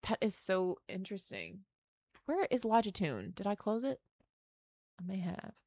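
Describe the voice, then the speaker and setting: A young woman streaming, chatting casually and excitedly as she opens trading cards and speaks warmly to her chat. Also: mid-range voice, unhurried, no echo. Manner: excitable, gasps and squeals at good pulls, earnest and affectionate to chat.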